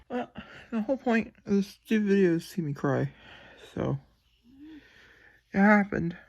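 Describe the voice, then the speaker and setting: A man's voice: a little high, animated, normal speed, vocal fry. A young man rambling emotionally about a novel in a casual reading vlog from his bedroom at night, swearing freely. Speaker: book vlogger.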